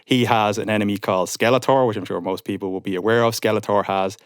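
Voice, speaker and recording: Man, thirties, podcast guest, lower voice, dry close sound, lively storyteller. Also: quick pace, no room sound. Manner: animated storyteller, acts out quotes. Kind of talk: casual podcast chat.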